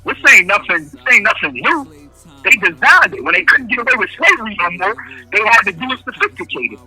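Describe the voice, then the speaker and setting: An incarcerated man phones in to an interview from prison, giving impassioned answers in casual street speech and repeating key phrases to drive his points home. His high, husky voice is very animated, brisk, bright and forceful. Soft music plays in the background.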